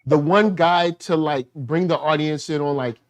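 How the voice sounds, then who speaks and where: A man's voice: on the high side, moderate pace. A man hosting a casual podcast chat, riffing and repeating phrases as he builds a point.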